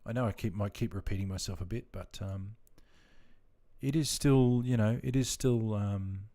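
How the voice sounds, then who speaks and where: A man's voice: on the low side, moderate pace, warm tone. A laid-back Australian man chatting casually with viewers during a game stream, rambling and friendly with lots of fillers. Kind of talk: casual live-stream chat.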